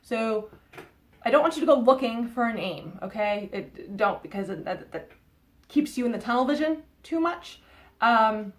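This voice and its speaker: A woman with a Boston accent giving a chatty, rambling tarot reading to camera, often checking in with "okay?". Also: fairly high pitch. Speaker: tarot reader.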